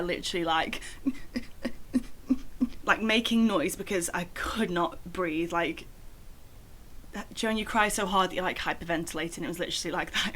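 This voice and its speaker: A woman's voice: on the low side, a bit bright. A young woman telling a personal story in a casual vlog, chatty and full of "like" fillers. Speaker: vlogger.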